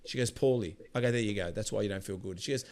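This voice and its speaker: A man hosting a podcast, starting haltingly, then telling stories by retelling conversations. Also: on the low side. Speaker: podcast host. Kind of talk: casual chat.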